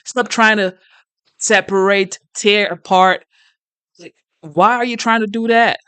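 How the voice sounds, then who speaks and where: A reaction-video host talks back at a clip in an earnest, sometimes preachy tone and sounds exasperated. The voice is smooth and clear. It is recorded close and dry, with no room sound. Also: mid-range voice, steady tone, unhurried, a bit bright, no echo. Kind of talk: casual reaction commentary.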